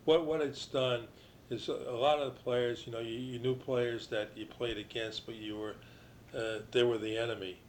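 An older man from New Jersey, a retired baseball pitcher, telling rambling stories as an interview guest, full of restarts and you-knows. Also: fairly even intonation, moderate pace, a little hiss or hum, rough recording.

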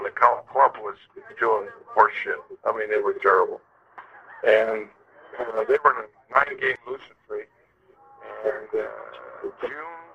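On a dull, lo-fi recording, an aging ex-baseball player recounts stories for an interviewer, rambling with many fillers and restarts. His voice is medium in pitch and creaky.

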